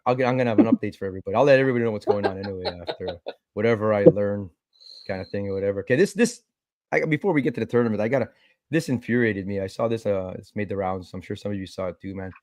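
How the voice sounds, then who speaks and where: An excitable man hosting a casual podcast, swearing freely and calling everyone bro. His pitch leaps up and down as he gets worked up. The sound is close and dry. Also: rapid-fire, no echo. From Canada. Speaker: podcast host. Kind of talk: casual chat.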